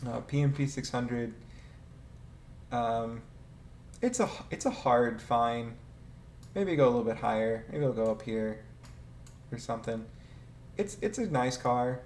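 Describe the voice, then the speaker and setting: A man's voice: mid-range voice, darkish tone. Man, casual rambling commentary, hesitant, swears, roomy echo, faint background noise. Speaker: video creator ranking game vehicles. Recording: echoey room with faint ambient noise.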